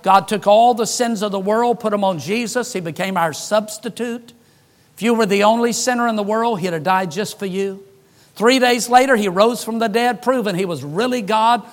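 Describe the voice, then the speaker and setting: A man with a high voice preaches a sermon as an animated storyteller, joking and acting out the dialogue in his stories.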